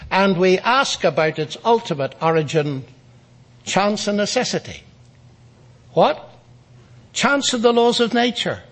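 Man, high voice, public lecturer, wry storyteller. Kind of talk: lecture with anecdote.

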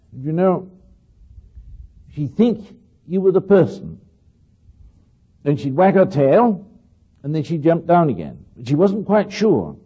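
Lively older man telling stories. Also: fairly high pitch, husky, lo-fi sound. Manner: chatty, asks listeners questions, acts out voices. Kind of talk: rambling anecdotal talk to an audience.

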